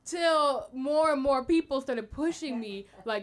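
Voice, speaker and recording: A woman's voice: high-pitched, a little slow. A young American woman doing rambling stand-up at an open mic, chatty and full of fillers. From United States. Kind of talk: stand-up comedy.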